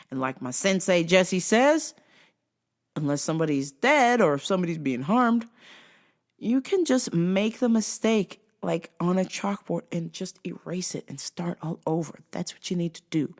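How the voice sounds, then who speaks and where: A woman in her thirties, a vlogger and store clerk, tells blunt, profane stories in a casual vlog monologue. Her voice is deep and a little mellow.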